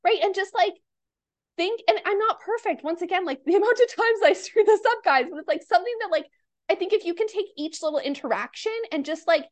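A woman's voice: very high voice, animated, fast talker. A young woman, a podcast guest and mindset coach, talking in a casual, earnest and upbeat way, full of "like" fillers, tired and a little nauseous. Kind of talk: casual interview chat.

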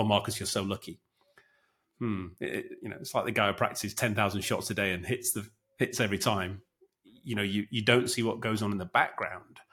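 A man, a former military officer, telling lively anecdotes in a relaxed podcast conversation. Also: lowish voice. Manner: animated anecdotes with acted quotes.

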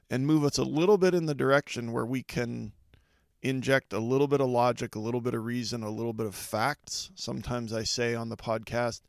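A middle-aged man hosting a podcast, speaking in an earnest, reflective monologue with deliberate pauses. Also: medium pitch, vocal fry, no echo, clean studio sound. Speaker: podcast host.

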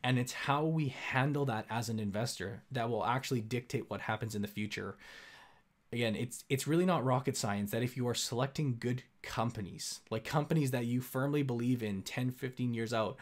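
A young man from Canada talks through his investments in a loose, conversational way. He leans on fillers and restarts, then hits his points with emphasis. His voice sits at an ordinary middle pitch. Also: a little fast. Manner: chatty, filler-heavy, emphatic. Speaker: investing channel host. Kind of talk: casual explainer talk.

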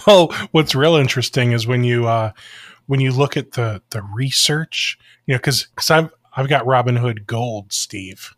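He's an Ohio podcast host with a medium-pitched voice, talking at normal speed in a lively, joking, laugh-filled chat. The sound is clean studio audio without echo.

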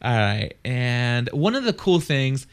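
Rambling, excitable man hosting. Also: medium pitch, takes it slowly, smooth. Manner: rambling and excitable, many restarts and fillers. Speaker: podcast host. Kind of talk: casual chat.

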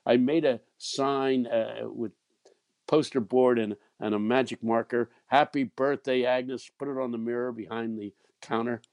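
A man's voice: mid-range voice, steady tone, moderate pace, a little mellow, no echo. A man in his eighties, a preacher telling a personal story, often repeating his words and chuckling as he goes. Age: 80s. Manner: stammering repeats, chuckling as he tells. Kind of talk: storytelling anecdote.

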